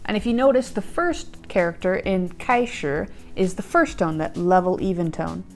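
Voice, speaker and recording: A woman's voice: lowish voice, normal speed, a little mellow, soft background music. A woman hosting a language lesson, explaining in a chatty way with fillers and glancing at her notes. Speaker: host and language learner.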